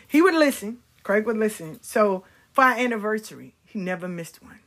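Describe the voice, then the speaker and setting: A middle-aged woman telling stories about her life in a casual, blunt and animated way, swearing freely. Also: medium pitch, normal speed. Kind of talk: casual storytelling.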